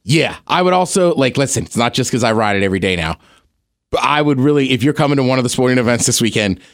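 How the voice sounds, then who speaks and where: A man's voice: mid-range voice, animated, quick pace, dry recording, studio quality. A man co-hosting a podcast in casual chat, joking and laughing often. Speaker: podcast co-host.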